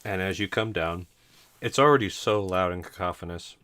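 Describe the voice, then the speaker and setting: A man's voice: low voice, normal speed, a bit bright. A man narrating a tabletop game as game master, rambling with frequent laughs and stumbles over words.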